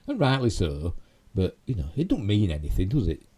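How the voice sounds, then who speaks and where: A man's voice: on the low side, wildly swooping pitch, a little fast, mellow, husky. A man with a Yorkshire accent hosting a casual live stream, rambling through geek news with lots of "you know" and tag questions. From Yorkshire, England.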